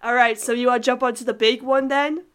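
A woman's voice: a little high, fairly even intonation, fast talker, clear, resonant tone. A woman co-hosting a podcast in casual chat, chatty and giggly, trailing off with filler words. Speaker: podcast co-host reviewing cartoon episodes.

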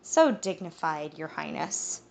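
A woman's voice: mid-range voice, moderate pace, lightly acted. A woman voicing a composed, disapproving young woman in an audiobook.

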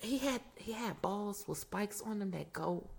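A woman's voice: mid-range voice, measured pace, vocal fry. A young woman co-hosting a podcast, telling stories in blunt, joking casual chat. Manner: blunt, joking, animated storytelling. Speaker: podcast co-host.

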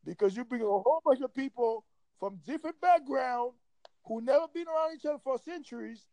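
A man's voice: extremely high pitch, a little fast, dark tone, no room sound, poor audio. A man in casual chat, ranting in a heated, emphatic and profane way.

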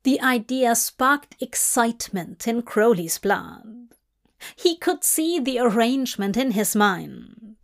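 A woman narrating a fanfic in a slow, measured reading. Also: fairly high pitch, animated, gravelly. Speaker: fanfic reader. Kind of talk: scripted narration.

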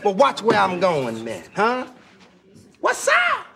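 A brash loudmouth who insists everyone knows him in an old sitcom clip. His high voice leaps wildly and drags out words, with a roaring studio audience under it. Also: huge pitch swings, slow, vocal fry, a crowd in the background, exaggerated voice. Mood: brash boastful. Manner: brash, shouting, cackling. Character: loud boastful man at a government office. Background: laughing studio audience.

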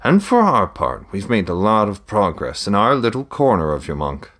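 A man reading an audiobook, voicing a middle-aged trader who is a proud, weary father and speaks in a measured, matter-of-fact way. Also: lowish voice, sing-song, fairly bright tone.

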